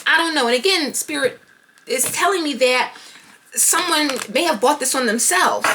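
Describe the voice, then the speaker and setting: A woman doing a tarot card reading, animated and thinking aloud as she pulls cards. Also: high voice, moderate pace, background noise. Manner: animated, talking to herself while pulling cards. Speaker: tarot reader.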